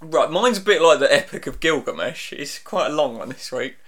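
Dry rambling man, slightly high voice. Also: lively intonation, fairly quick, crowd noise. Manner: dry, rambling storyteller, mimics people in anecdotes. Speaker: radio show host. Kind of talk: casual banter.

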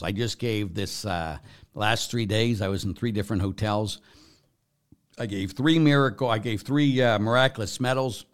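A man, a priest, answering viewer questions, who moves from quiet conversational reading to loud, emphatic preaching with repeated phrases. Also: fairly low pitch, normal speed. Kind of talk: live Q&A, reading and answering messages.

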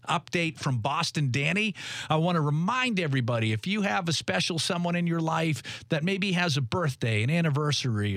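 A man's voice: a little high, a bit bright, dry recording, studio quality. A man hosting a talk radio show in an upbeat, conversational way.

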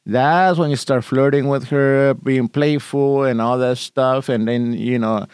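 A man's voice: mid-range voice, steady tone, measured pace, darkish tone, smooth, no room sound, studio quality. A man co-hosting a podcast in casual chat, blunt and teasing as he hands out advice. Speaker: podcast co-host.

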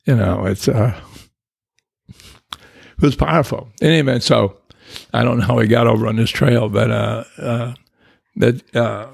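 An older man telling his recovery story in a rambling, reflective way, with restarts and soft chuckles. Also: mid-range voice, fairly even intonation, moderate pace, gravelly, husky, no echo, studio quality. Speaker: guest. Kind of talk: personal recovery story, conversational.

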